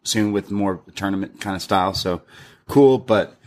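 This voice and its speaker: A man's voice: low voice, moderate pace, a little mellow. A man co-hosting a podcast, recapping an episode in casual chat with wry asides. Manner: wry, recaps scenes and reads quotes aloud. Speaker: co-host.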